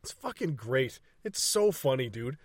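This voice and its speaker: A man's voice: mid-range voice, sing-song, measured pace. A man casually recapping a movie scene by scene, swearing freely, laughing often and acting out lines from the film. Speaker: podcast co-host.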